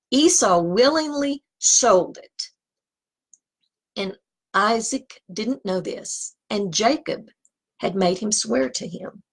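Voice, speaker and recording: Husky-voiced woman teaching scripture. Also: medium pitch. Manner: conversational, digressive, with asides. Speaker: Bible teacher.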